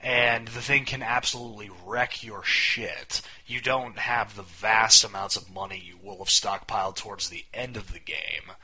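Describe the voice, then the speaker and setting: Young male podcast co-host, low-ish voice, rambling and wry. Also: steady tone, normal speed, hardly any pauses, pushed and bright, rough recording. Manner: rambling, wry, swears casually. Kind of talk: casual podcast chat.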